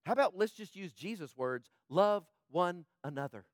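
A male pastor delivers an impassioned sermon in a high voice. He swings from loud, urgent passages to quiet, hushed ones. The sound is close and dry. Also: animated, moderate pace, no room sound.

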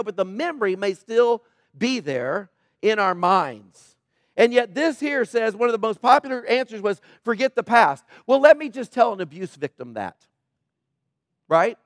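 A middle-aged man preaching a sermon in a conversational, sarcastic way, with quiet asides. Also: extremely high pitch, big pitch swings, moderate pace, dry recording, studio quality. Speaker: pastor.

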